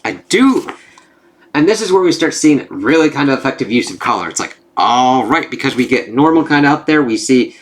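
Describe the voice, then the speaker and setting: Casual guy reviewing a comic, rambly, swears a lot, reads bits out loud. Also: medium pitch, lively intonation, fairly quick.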